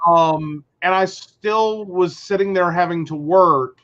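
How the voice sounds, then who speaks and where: A man with a high voice co-hosts a casual talk show. He tells stories in an animated way and acts out what people said. The audio is slightly muffled and lo-fi. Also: slow. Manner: animated storyteller who acts out quotes. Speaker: podcast co-host. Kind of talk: casual chat.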